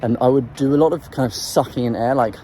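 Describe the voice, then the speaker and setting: Man with a dark, mellow tone, mid pitch, unscripted vlog explaining voice technique with lots of fillers, faint outdoor noise behind. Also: fast talker, low-quality recording. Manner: rambling, hesitant, full of ums and restarts; demonstrates throat sounds while talking. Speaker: voice coach sharing singing tips.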